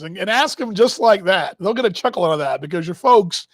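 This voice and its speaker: He's a broadcast host from Texas in his fifties, and his high, animated voice moves fairly quickly. The clip is echo-free, and he tells casual, meandering stories, laughing at his own asides and interrupting himself.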